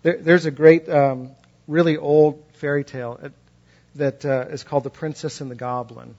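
A pastor preaches a passionate sermon in a fairly high voice, alternating between loud emphasis and quiet, hushed moments while using repetition and storytelling to drive his points home. His intonation is fairly even and his pace moderate. The recording sounds dull and lo-fi.

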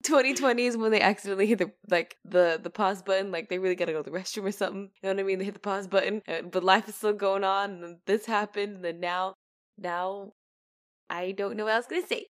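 A young woman co-hosting a casual chat, animated and rambling, often laughing and turning teary. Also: mid-range voice, quick pace.

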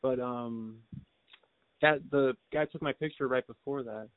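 A man's voice: medium pitch, a little slow, no echo. Rambling man on a tinny line. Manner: rambling storyteller, lots of likes and restarts, laughs often. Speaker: podcast co-host. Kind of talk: casual chat.

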